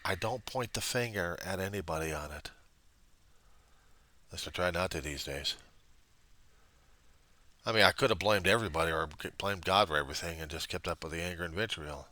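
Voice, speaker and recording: A man speaking in a rambling, self-deprecating video diary to a reverend, moving between quiet musing and loud outbursts. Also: low voice, a little fast, long pauses. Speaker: video diarist addressing a reverend. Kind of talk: personal video diary monologue.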